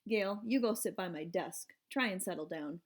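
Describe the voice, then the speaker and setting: A woman reading aloud voices a female schoolteacher who speaks firmly and calmly to quarreling pupils. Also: mid-range voice, close to an everyday voice. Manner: firm and measured. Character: firm, calm female schoolteacher.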